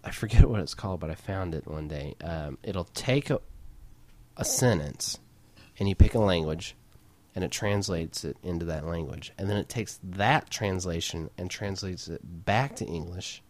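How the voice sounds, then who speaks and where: A young man with a low, deep voice chatting casually. He jokes around, stumbles and restarts often, and swears freely. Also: moderate pace. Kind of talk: casual chat.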